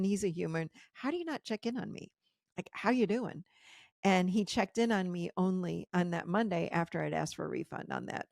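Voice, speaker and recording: A woman's voice: fairly low pitch, gravelly, dry recording, studio quality. A middle-aged woman hosting a podcast, candidly retelling a personal story and acting out the dialogue. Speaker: podcast host.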